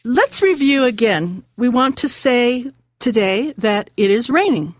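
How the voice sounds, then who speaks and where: Woman, radio lesson host, patient teacher, repeats words slowly, fairly high voice, dry sound. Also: sing-song, dry recording.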